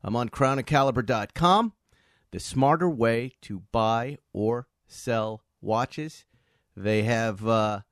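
A man's voice: mid-range voice, takes it slowly, dry recording. Chatty male podcast host, dry sound. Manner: chatty, animated, laughs often. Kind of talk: casual chat with sponsor read. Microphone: video call.

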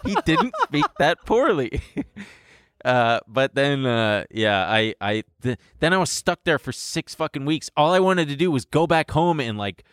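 A man's voice: on the high side, big pitch swings, measured pace, a bit bright, clear, resonant tone, no room sound, clean studio sound. A young adult man on a podcast, telling a personal story in a rambling way, swearing and laughing as he goes. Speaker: podcast co-host. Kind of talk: casual storytelling chat.

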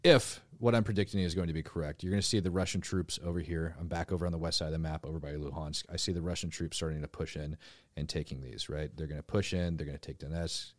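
A man's voice: a bass voice, fairly even intonation, fast, dry recording, clean studio sound. A man hosting a casual podcast, explaining things while he draws on a map. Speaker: podcast host.

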